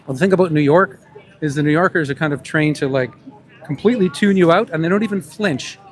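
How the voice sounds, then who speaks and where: A man's voice: fairly high pitch, quick pace. Man calling out to passersby outdoors. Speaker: street interviewer and animal rights activist. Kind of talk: street vox-pop vlog. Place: outdoors on a busy city street by a park.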